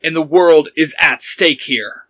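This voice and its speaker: A man's voice: a little high, a little slow, pushed and bright, dry recording. A man doing a stern, clipped young vigilante. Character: stern young male vigilante, tense and commanding.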